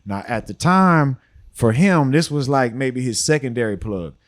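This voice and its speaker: A man in his forties with an easy drawl, rambling through stories as a podcast guest. His voice sits at a middle pitch, neither deep nor high. He talks in loose, relaxed runs, often dropping in "you know.". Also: a little slow. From Houston, Texas. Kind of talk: storytelling interview talk.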